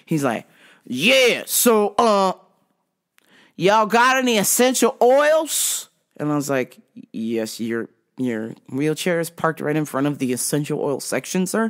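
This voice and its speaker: A middle-aged woman hosts a podcast and tells a story from work. Her pitch swings widely as she acts out each person in it. She swears freely along the way. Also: a little slow. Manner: animated, acts out customer's lines. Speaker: podcast host. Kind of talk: storytelling anecdote.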